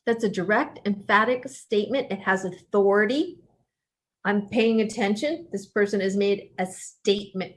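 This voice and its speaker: A woman's voice: mid-range voice, normal speed. A woman professor leading a writing workshop in a casual lecture style. She talks conversationally, with fillers and restarts, and turns emphatic when she coaches.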